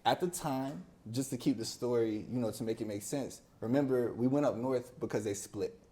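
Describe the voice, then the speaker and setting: A young man in a relaxed podcast conversation, his voice mellow and warm at a middle pitch. He tells stories with energy, slips into other people's voices to act them out, and laughs often. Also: normal speed. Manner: animated storyteller who acts out friends' voices. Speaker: podcast guest. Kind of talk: casual storytelling interview.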